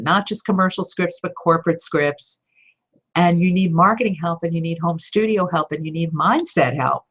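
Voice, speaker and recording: A middle-aged woman answers viewer questions about voiceover work in a relaxed live chat. Her voice sits low, and she talks in an animated, chatty way, often poking fun at herself. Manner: chatty, animated, self-deprecating. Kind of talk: casual live Q&A talk.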